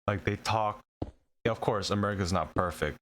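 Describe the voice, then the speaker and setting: A man's voice: on the low side, moderate pace, a bit bright, a little hiss or hum. A man co-hosting a live stream, telling a story in an exasperated, casual way. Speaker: co-host. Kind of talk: casual chat.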